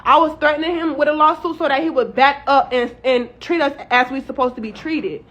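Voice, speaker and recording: Young-sounding woman, high and bright, heated profane storyteller, dull lo-fi sound. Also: a little fast. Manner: emphatic, heated, profane, heavy use of "like". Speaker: woman recounting her arrest. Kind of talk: casual first-person account to camera. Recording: dull lo-fi audio.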